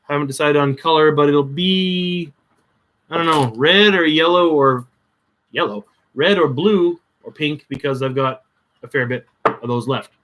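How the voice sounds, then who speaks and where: A man's voice: on the high side, measured pace, fairly bright tone, slight background noise. A man chatting casually on a crafting livestream, muttering to himself as he works, with dry sarcastic asides.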